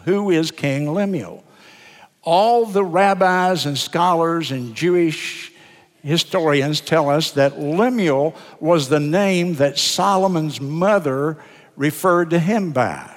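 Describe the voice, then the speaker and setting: An older man preaches from the pulpit in an earnest, deliberate way, stretching key words for weight. His voice sits a little high, and a long reverb trails each phrase through the church sanctuary. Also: lively intonation. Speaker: pastor. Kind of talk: sermon.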